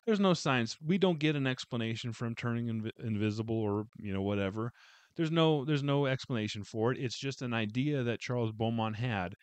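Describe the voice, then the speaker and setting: A man's voice: medium pitch, brisk, clear, resonant tone, dry recording. A man giving a casual, heartfelt book review, rambling with many fillers and restarts.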